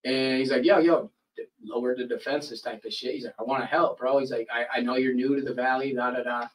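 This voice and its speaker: Speaking fast at a medium pitch, this man hosts a podcast and spins a lengthy yarn in relaxed chat, cursing often and performing the voices of the people in it. His mic is distant, leaving him slightly off-axis and the audio poor.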